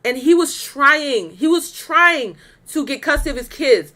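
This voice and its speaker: A pregnant young woman hosts a reaction video in a high, bright, expressive voice, speaking unhurriedly. Her comments are blunt and exasperated, she swears freely, and she breaks into laughter.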